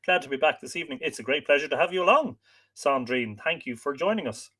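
A man's voice: fairly high pitch, animated, fast talker, sharp tone, husky. A man with an Irish accent hosting a livestream, chatting casually and greeting viewers by name, sometimes stumbling over their names. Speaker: livestream host.

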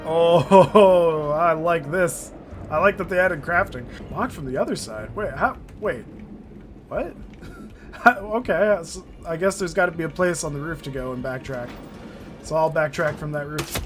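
A man giving casual let's-play commentary, excitable and jokey, swearing and laughing often. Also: a little high, measured pace. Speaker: gameplay streamer. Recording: faint game music behind.

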